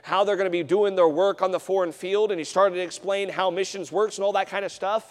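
A man preaching a sermon as a traveling missionary, swinging from hushed storytelling to loud, fervent exhortation in a church. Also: high voice, fairly even intonation, fairly quick, hardly any pauses, in a large hall. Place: church sanctuary.

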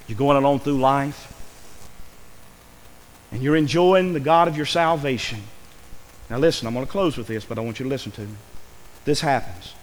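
A man's voice: mid-range voice, long reverb tail, rough recording. A man preaching a sermon in a church, earnest and pleading, his voice rising with emotion. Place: church sanctuary.

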